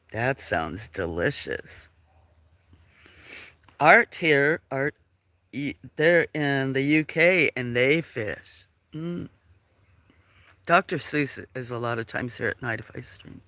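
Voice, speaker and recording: A man's voice: medium pitch, fairly bright tone, no room sound. A man hosting a casual outdoor farm livestream, sniffling a little and rambling as he greets viewers from chat by name, now and then dropping to a whisper. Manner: rambling, friendly, reading chat names aloud, sometimes whispering. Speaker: livestream host. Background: birds.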